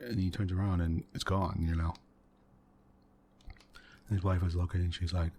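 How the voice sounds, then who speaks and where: A deep-voiced man talks quietly as the host of an ASMR gaming session. He meanders through a long story with soft chuckles and many fillers, close to a desktop mic. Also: fairly even intonation, normal speed, pauses often, slight background noise. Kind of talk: soft-spoken ASMR let's play chat.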